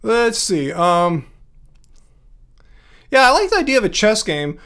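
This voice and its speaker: Male livestream host, higher-pitched voice, sarcastic ranting, chatty with viewers. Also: big pitch swings, a little slow, fairly bright tone, clear, resonant tone. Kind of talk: casual livestream chat reading viewer comments.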